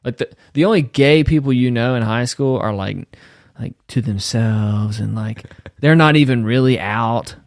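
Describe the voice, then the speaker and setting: A man's voice: medium pitch, moderate pace, no echo, studio quality. A man in his thirties hosting a podcast, chatting casually, laid-back, often saying "man" and "dude" and laughing. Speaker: podcast host. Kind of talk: casual chat.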